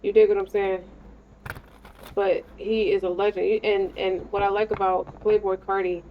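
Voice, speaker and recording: Her voice is medium-pitched and level, at normal speed, as this woman does a laid-back tarot reading. She rambles, uses slang and profanity, and talks right to the listener, captured in dull lo-fi sound with faint noise.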